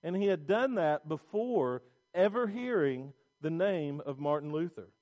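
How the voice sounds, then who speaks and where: A man's voice: fairly high pitch, expressive, unhurried, darkish tone, dull audio. A middle-aged male pastor preaching a sermon, emphatic and repetitive, with restarts.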